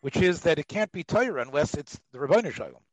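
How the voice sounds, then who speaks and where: A man's voice: fairly high pitch, very animated, fast talker, dry recording, low-quality recording. A man taking part in a Torah class discussion, making his point tentatively and often checking in with "right?". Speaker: class participant.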